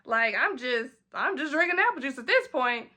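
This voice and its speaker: A young woman tells a story in a lively way, dropping into quick voices for her friends. Her tone is bright and sharp. She speaks in a casual vlog style. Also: sits high. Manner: animated, acts out friends' lines in quick quoted voices. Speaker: vlogger.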